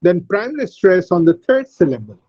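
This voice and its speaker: Male teacher, high and husky voice, recorded over a dull, lo-fi video call. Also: sing-song, no echo. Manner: explains slowly, repeats words, uses frequent fillers. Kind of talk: online English phonetics lecture.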